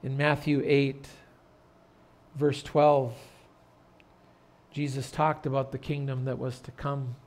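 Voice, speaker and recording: A man pastor preaching an earnest sermon in a church, turning loud and dramatic when telling a story. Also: medium pitch, little pitch movement, takes it slowly, long pauses. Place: church sanctuary.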